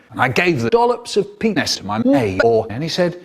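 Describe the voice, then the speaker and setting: An older man reading a children's story aloud in a theatrical, expressive way, jumping into high squeaky voices for the characters and stretching words for effect. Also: moderate pace, hardly any pauses, breathy edge. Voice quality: expressive, voices the characters with big pitch jumps. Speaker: storyteller in a spliced comedy edit.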